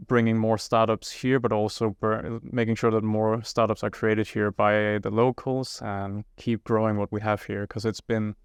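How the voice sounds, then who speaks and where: A young man with a low, smooth voice talks through his plans as an interview guest, rambling and circling back on himself. His delivery stays flat and even, and the recording is dry and close. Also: moderate pace, few pauses, no echo. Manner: rambling, many restarts and fillers. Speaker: guest, startup founder. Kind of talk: casual interview answers.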